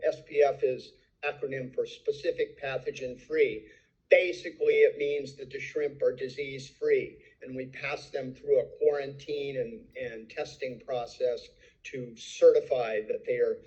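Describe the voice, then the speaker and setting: Dark-voiced older man telling his business story. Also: fairly high pitch, lo-fi sound. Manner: enthusiastic storyteller, acts out quoted dialogue. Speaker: entrepreneur presenting his story. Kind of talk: recorded slide presentation.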